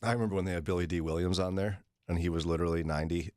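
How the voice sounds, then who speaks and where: A man's voice: deep voice, steady tone, rapid-fire, darkish tone, no room sound, studio quality. A man hosting a morning radio show, joking around in casual banter and teasing his co-hosts. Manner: joking, puts on silly accents. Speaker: radio host.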